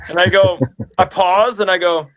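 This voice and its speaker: A musician in a casual interview, telling stories with lively acted-out phone calls. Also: male voice, high-pitched, moderate pace, muffled recording. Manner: animated storyteller, acts out phone calls.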